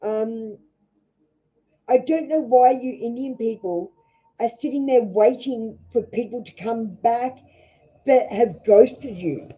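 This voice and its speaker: A woman's voice: a little high, slow, warm tone, husky. Australian woman, blunt tarot reader, swears freely, scolding, dull lo-fi stream. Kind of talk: live-stream tarot reading, chatting with viewers.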